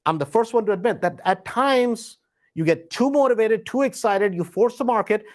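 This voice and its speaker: A man's voice: sits high, moderate pace. A man hosting a live question-and-answer session, talking casually and often checking in with "right?" while acting out quoted thoughts. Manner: conversational, frequent "right?" tag questions; acts out quoted inner voices. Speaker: host. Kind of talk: live Q&A talk.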